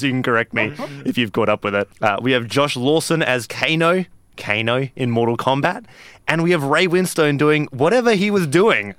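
Man, hoarse, wry, podcast co-host, bright tone, dry sound. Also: medium pitch, dry recording. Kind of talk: casual film chat.

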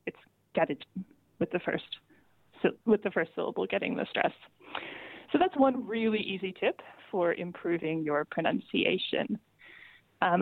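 A woman speaking in a somewhat low voice, explaining carefully as an interview guest. She is patient and methodical and builds her points through examples. Her voice comes through a tinny, dry phone line. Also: no echo. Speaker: linguist guest explaining pronunciation.

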